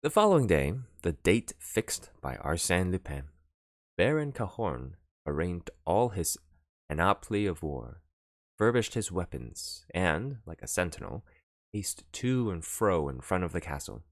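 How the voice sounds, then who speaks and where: Low-voiced man narrating a classic novel. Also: big pitch swings, a little slow, no echo, studio quality. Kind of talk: audiobook reading.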